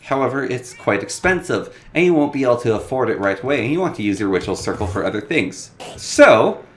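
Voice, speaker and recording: A man's voice: big pitch swings, a little fast. Playful man with a bouncing voice. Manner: playful and joking, bouncing pitch. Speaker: game tutorial host. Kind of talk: casual game tutorial narration.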